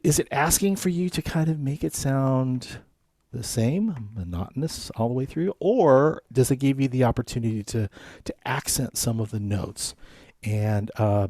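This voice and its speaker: A man's voice: medium pitch, mellow, no room sound, studio quality. A man leading a live guitar lesson, counting beats aloud and coaching his students in a friendly way. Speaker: guitar instructor.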